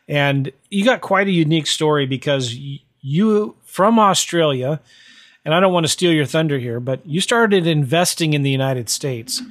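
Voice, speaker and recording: A man's voice: a little high, lively intonation, moderate pace. A man hosting a podcast, chatty and upbeat, promoting his book and interviewing a guest. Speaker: podcast host.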